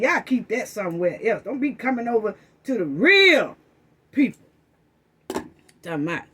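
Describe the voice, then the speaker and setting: A woman's voice: on the high side, sing-song, normal speed, long pauses, fairly bright tone, slightly rough, lo-fi sound. Woman host, heated casual commentary, repeats herself, calls viewers family. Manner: fired-up, repetitive, addresses audience as family.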